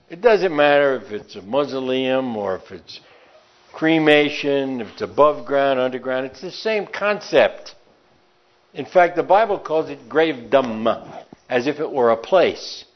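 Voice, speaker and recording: A man's voice: mid-range voice, muffled recording. A man with a New York accent preaching a sermon and reading scripture aloud, stretching out words for emphasis.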